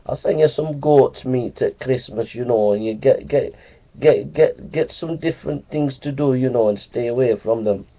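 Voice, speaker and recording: A man's voice: mid-range voice, natural voice. A man voicing a jovial older Jamaican uncle who gives fussing advice, chatty and full of "you know", with a put-on Jamaican accent. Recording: tinny phone-like sound.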